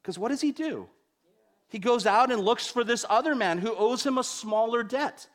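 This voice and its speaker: A young man preaching a sermon, telling stories with wide swings between loud and hushed delivery. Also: very high-pitched, normal speed.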